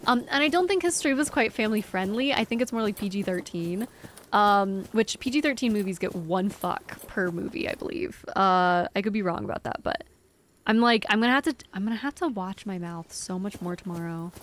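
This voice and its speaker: A woman's voice: mid-range voice, animated, a little fast, a little hiss or hum. A young woman streaming a game live, chatting casually with her viewers in a rambling, giggly way. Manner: rambling, giggly, talks to chat.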